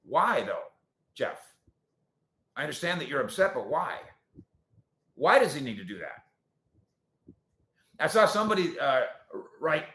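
A man hosting a sports talk show, answering viewer comments in an animated, sarcastic way that swings between loud points and quiet asides. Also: on the high side, measured pace, long pauses. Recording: roomy echo.

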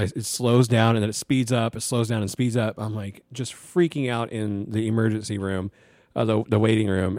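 Animated young man telling a story. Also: fairly low pitch, no room sound, studio quality. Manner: animated, swearing, laughs through the story. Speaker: vlogger telling a personal story. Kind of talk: casual storytelling.

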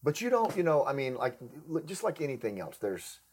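A man's voice: on the high side, big pitch swings, fairly quick, darkish tone, a little hiss or hum. A man hosting a podcast interview, asking rambling questions that correct themselves as he goes. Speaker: podcast host. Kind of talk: casual interview chat.

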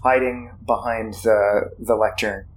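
Slow, halting male game master. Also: fairly low pitch, steady tone, noisy background. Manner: slow and halting, many fillers. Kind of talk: narrating a tabletop game.

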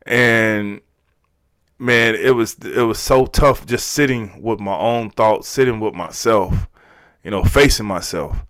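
Halting, heartfelt man telling his story. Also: fairly low pitch, a bit bright, no echo. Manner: emotional, halting, repeats words. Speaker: podcast guest. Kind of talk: candid storytelling.

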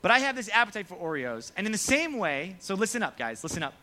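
A man's voice: sits high, fast talker. A young man preaching a casual, joking sermon to students as their pastor, acting out quotes along the way. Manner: lively, joking, acts out quoted voices. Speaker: youth pastor.

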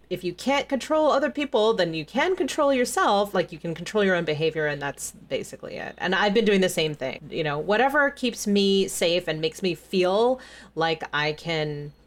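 A woman hosting a podcast interview in a relaxed, conversational way. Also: lowish voice, moderate pace. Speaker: podcast host. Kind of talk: casual interview chat.

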